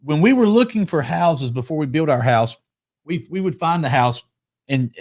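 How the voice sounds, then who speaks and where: A man's voice: on the high side, animated, moderate pace, a little mellow. A man hosting a casual talk show, chatty, often restarting and repeating his words. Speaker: podcast host. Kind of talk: casual chat.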